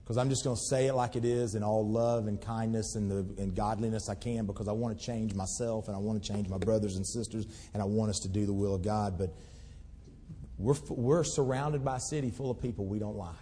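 A man preaching a sermon as a pastor, telling folksy stories and swinging from loud outbursts to hushed pleading. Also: lowish voice, steady tone, brisk. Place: church sanctuary. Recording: long hall reverb.

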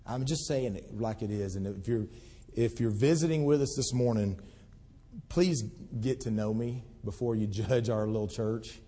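A pastor preaches in a church sanctuary, spinning folksy stories and veering between loud, worked-up outbursts and soft, pleading lines. His voice is a little husky. A long reverb trails behind every phrase. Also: on the low side, moderate pace. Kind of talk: sermon.

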